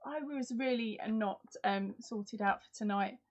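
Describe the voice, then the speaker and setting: A woman's voice: fairly high pitch, unhurried, muffled recording. Chatty Essex woman on a live stream. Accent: Essex English. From Essex, England. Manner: chatty, self-deprecating, talks to viewers by name. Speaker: crochet channel host. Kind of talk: live-stream giveaway chat.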